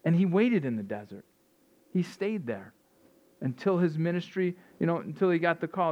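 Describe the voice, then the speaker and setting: A man's voice: fairly high pitch, expressive, moderate pace, pauses often. A man preaching an informal sermon in a conversational way, often repeating and restarting words. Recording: dull lo-fi sound.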